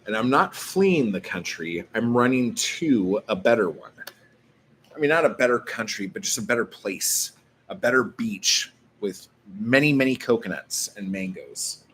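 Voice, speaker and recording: A man's voice: on the low side, expressive, unhurried, fairly bright tone, a little hiss or hum. A man vlogging casually, rambling through a story full of filler words and swearing.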